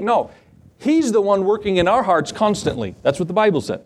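Animated male preacher, lively pitch. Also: brisk. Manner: animated, acts out Bible scenes in voices. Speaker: pastor. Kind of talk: sermon.

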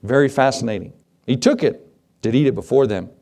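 A man's voice: mid-range voice, brisk, warm tone. A man preaching a sermon, reading scripture and speaking earnestly, drawing out key words. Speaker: pastor.

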